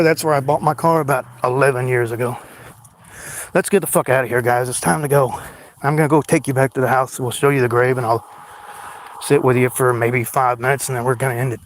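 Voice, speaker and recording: A man from Oklahoma rambling and swearing to his viewers as he walks through a cemetery at night, talking into a handheld phone. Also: mid-range voice. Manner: profane, rambling, self-deprecating, talks to viewers. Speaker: livestream vlogger. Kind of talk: rambling late-night livestream walk.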